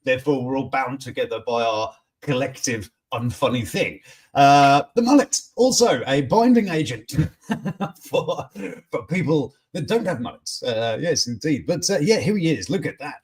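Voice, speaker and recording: A man's voice: medium pitch, expressive, moderate pace, breathy edge. A man hosting a casual live news chat, joking and reacting to viewers' comments in a chatty way. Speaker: host of a morning news chat stream.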